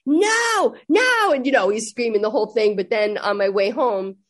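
As a guest on a talk show, an older woman with a medium-pitched voice chats casually. She tells family stories animatedly, acting out the voices of the people in them.

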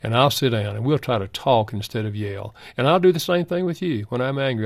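An older man speaks as a guest on a Christian radio talk show, his voice gravelly with a mid-range pitch. He tells personal stories earnestly and plainly. The studio sound is close and dry. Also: lively intonation, fairly quick, hardly any pauses, no room sound. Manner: earnest storytelling. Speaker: guest counselor. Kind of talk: radio interview, Christian advice.

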